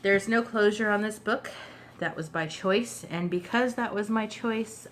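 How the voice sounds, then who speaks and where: A woman's voice: fairly low pitch, a little hiss or hum. Chatty woman showing a craft journal. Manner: relaxed, chatty, frequent throat clearing and fillers. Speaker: craft vlogger. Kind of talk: casual show-and-tell craft video.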